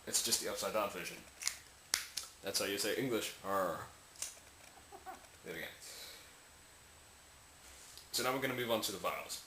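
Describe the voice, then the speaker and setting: Casual male tutor, lowish bright voice, rambling, demos sounds; echoey room with faint hiss. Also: a little fast, long pauses. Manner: rambling, self-correcting, demonstrating sounds aloud. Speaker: language tutorial maker. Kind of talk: casual explainer lesson.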